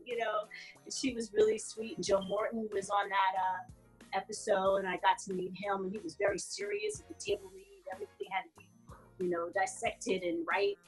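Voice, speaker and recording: A woman's voice: medium pitch, moderate pace, husky, faint music behind, poor audio. A woman guest in a casual interview, telling stories and laughing often. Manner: laughs often, animated storyteller. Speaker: guest actress.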